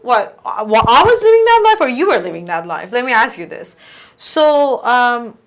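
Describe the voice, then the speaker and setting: A young woman hosting a casual podcast, chatting and telling personal stories. Her voice sits somewhat high, and she talks freely in a conversational flow. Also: big pitch swings, normal speed. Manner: chatty, storytelling, acts out quoted lines. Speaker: podcast host.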